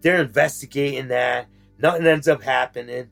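Gravelly man telling a prison story. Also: mid-range voice, normal speed, soft background music. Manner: street slang, animated retelling. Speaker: former inmate telling his story. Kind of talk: casual storytelling.

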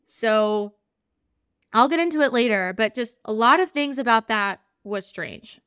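A woman hosts a podcast and tells a personal story as a spiritual practitioner. Her voice sits a little high, bright and smooth, and she tells it in an earnest, animated way, acting out each remembered conversation. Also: measured pace, no room sound, clean studio sound.

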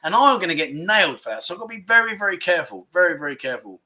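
Racing along in a high voice with big pitch swings and a bright, forceful tone, an English livestream host chats from home. He reads viewer comments in a rambling, self-deprecating style.

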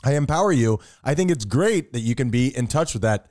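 Animated, joking man, lively pitch. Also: fairly quick. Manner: joking, crude, animated storytelling. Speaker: podcast co-host. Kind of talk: casual comedic chat.

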